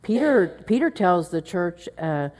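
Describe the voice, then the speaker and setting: A woman's voice: lowish voice, big pitch swings, a little slow, darkish tone. A middle-aged woman teaching a women's Bible study, earnest and chatty, acting out muttered asides under her breath. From Oklahoma. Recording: long hall reverb.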